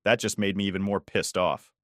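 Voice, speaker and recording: Brief: man with a lowish voice, scripted story narration, restrained and cold, dry close mic. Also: steady tone, a little fast, no echo. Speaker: first-person story narrator.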